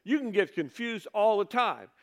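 A man's voice: high-pitched, expressive, moderate pace. A man preaching a sermon in a conversational way, reading scripture aloud and asking his listeners rhetorical questions. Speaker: pastor.

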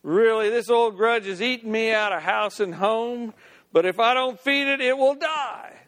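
A man doing a whiny, self-pitying fellow who clings to his grudge, high-voiced and plaintive. Each pleading word is stretched out. It rings in a long hall reverb. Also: moderate pace, fairly bright tone. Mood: coaxing.

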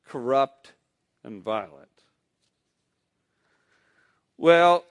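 A man preaching a sermon in a deliberate, measured way. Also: high voice. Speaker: pastor.

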